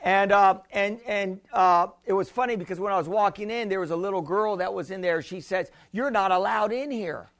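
A man's voice: sits high, steady tone, fairly quick, hardly any pauses, a bit bright. A male pastor preaching a sermon, emphatic and repetitive, often calling out for an amen.

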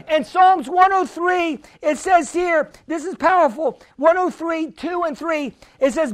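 High-voiced man preaching fervently. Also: a little slow, hardly any pauses. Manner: fervent, often shouting, call-and-response with the congregation. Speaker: pastor. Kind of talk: preaching a healing sermon.

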